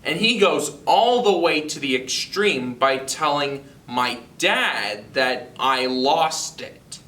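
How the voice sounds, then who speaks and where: Teen boy from North Carolina telling an amused anecdote, halting, slightly raised pitch, roomy sound from a distant mic. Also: expressive, pushed and bright, soft background music. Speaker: storyteller. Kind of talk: personal anecdote told to camera.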